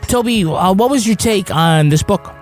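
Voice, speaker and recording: A man's voice: high-pitched, lively intonation, moderate pace, soft background music. A man hosting a podcast in casual chat, joking and swearing freely. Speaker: podcast host.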